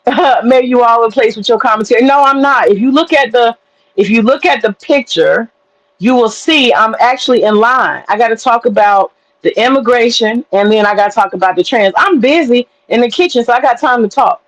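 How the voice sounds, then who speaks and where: A woman hosting a livestream, telling stories in an animated, profane way and chatting with her viewers. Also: fairly high pitch, brisk, low-quality recording. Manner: animated, profane storytelling with laughter. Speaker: livestream host. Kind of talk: casual livestream commentary.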